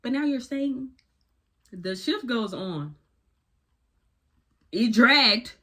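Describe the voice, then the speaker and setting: A woman's voice: fairly high pitch, very slow. Slangy woman telling a storytime. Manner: animated, slangy, candid. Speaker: vlogger. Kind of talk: casual storytime narration.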